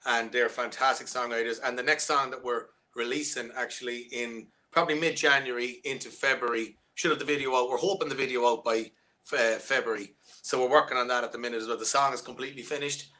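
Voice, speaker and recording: A man's voice: mid-range voice, steady tone, fast talker, pushed and bright. A man with an Irish accent, a musician talking loosely in an interview over a video call, full of restarts and fillers. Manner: rambling, with many restarts and fillers. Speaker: musician guest. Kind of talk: casual interview chat.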